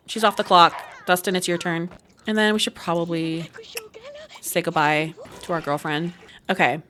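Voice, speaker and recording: A young woman giving casual let's-play commentary, chatty and quick to laugh, with lots of asides. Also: medium pitch, bright, forceful tone. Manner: chatty, laughs often, many "like" and "oh my God" asides. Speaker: gaming YouTuber.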